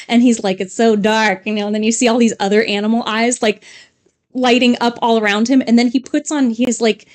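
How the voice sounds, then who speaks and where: A woman's voice: fairly high pitch, a little mellow. A woman co-hosting a livestream, chatting casually in a rambling way with restarts. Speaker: livestream co-host. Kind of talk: casual chat.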